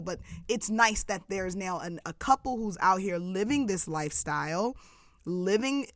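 A woman's voice: on the low side, no room sound, studio quality. A woman hosting a casual podcast interview, enthusiastic and affirming, with casual slang. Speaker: podcast host.

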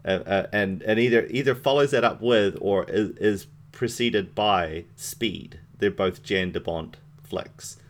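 A man's voice: fairly low pitch, a little slow, hardly any pauses, slight background noise. A man co-hosting a podcast, chatting casually and enthusiastically about films, swearing freely and trailing off into fillers. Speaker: podcast co-host. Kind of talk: casual movie chat.

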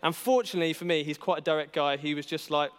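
A young man tells a light, self-deprecating story as a youth worker speaking to a church gathering. His voice sits a little high and rings out clear and smooth. A long hall reverb trails behind each phrase. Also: fairly even intonation, fast talker, fairly bright tone. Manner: self-deprecating, chatty, with many fillers and restarts. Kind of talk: casual storytelling sermon.

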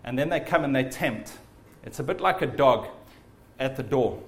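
A man preaching a sermon in an earnest, animated way. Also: mid-range voice, normal speed.

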